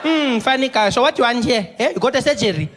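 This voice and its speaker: A man's voice: extremely high pitch, lively intonation, quick pace, fairly bright tone, slight background noise, pitched above the performer's own voice. A man voicing a mocking, sarcastic female hospital check-in clerk, teasing in a singsong tone and tagging lines with "eh?".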